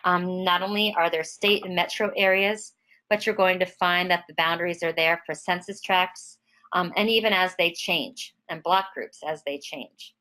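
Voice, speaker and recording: A woman giving an online software demonstration in a casual way, with many fillers and restarts, speaking over a web call. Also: lowish voice, fairly even intonation, normal speed, low-quality recording. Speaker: product trainer.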